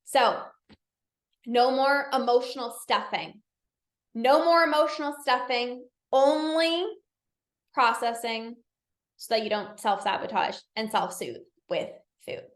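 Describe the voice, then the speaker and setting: A woman's voice: on the high side, animated, takes it slowly, echoey room. A woman coach and podcast host giving an upbeat, chatty pep talk to her live audience. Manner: upbeat, chatty, encouraging, many "like"s and repeats.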